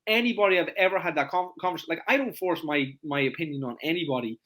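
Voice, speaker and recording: A man, a fitness coach hosting a casual podcast, talking emphatically and leaning on "it's like" again and again. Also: a bit bright. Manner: rapid, emphatic, repeats "it's like" constantly; acts out clients in high voices.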